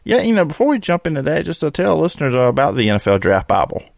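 A man's voice: a little high, sing-song, fast talker, gravelly, dry recording. A man with an Alabama accent hosting a sports podcast, upbeat and casual with frequent fillers. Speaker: podcast host.

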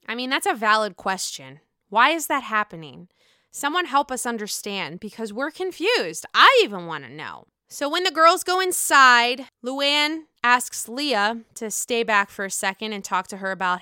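A woman's voice: on the high side, lively intonation, a little slow, sharp tone, clear, resonant tone, dry recording, clean studio sound. A woman hosting a casual, gossipy recap of reality TV episodes, talking straight to her viewers and swearing freely. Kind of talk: casual chat.

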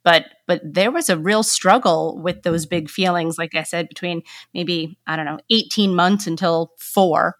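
A woman's voice: on the low side, measured pace, few pauses, dry recording, clean studio sound. A woman in her thirties hosting a podcast, affirming her guest and sharing parenting stories. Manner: warm-hearted, affirming, anecdotal. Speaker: podcast host. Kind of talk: conversational podcast interview.

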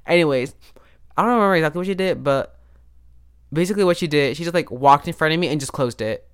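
A man's voice: a little high, fast, clear, resonant tone. Rambling man telling a story on a podcast. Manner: self-interrupting, restarts and asides. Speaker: podcast host. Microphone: podcast microphone.

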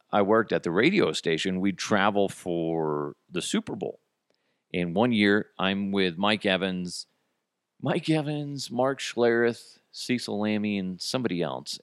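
A man's voice: on the low side, expressive, a little slow, fairly bright tone, dry recording, studio quality. A man hosting a podcast, telling stories in a casual, profane way and slipping into put-on voices. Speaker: podcast host. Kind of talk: casual solo monologue.

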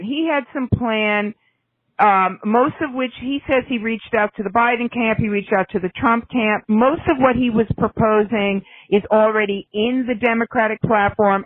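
A woman co-hosting a podcast in casual chat, opinionated and snarky, talking in quick bursts. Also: a little high, no room sound. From United States. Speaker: podcast co-host. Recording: tinny phone-like line.

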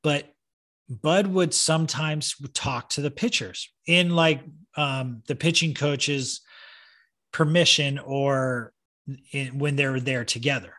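A man, a former relief pitcher, chatting casually on a podcast and acting out quotes in his stories. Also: slow, bright, forceful tone. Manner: storytelling, acts out quotes animatedly. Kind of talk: casual sports podcast chat.

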